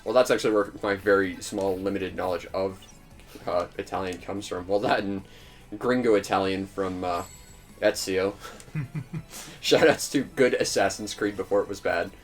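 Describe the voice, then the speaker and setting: A man's voice: sits low, moderate pace, soft background music. A young man hosting a casual gaming video, rambling and laughing often. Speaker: let's play host.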